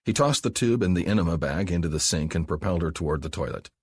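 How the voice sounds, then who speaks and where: A man narrating an audiobook in a calm, even storytelling manner. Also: low voice, fast talker, slightly rough, dry recording, clean studio sound. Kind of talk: scripted narration.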